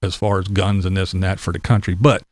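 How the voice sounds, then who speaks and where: A middle-aged Pennsylvania man rants casually to his vlog camera in a deep, level voice at a quick clip, recorded dry with no echo. His opinion monologue is blunt and profane, with laughs between points.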